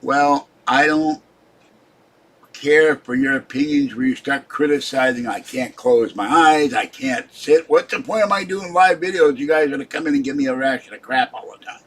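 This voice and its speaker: Husky irritable older man. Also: mid-range voice, moderate pace, a bit bright. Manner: irritable, scolding viewers in the chat. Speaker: livestream host. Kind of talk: rambling live-stream chat.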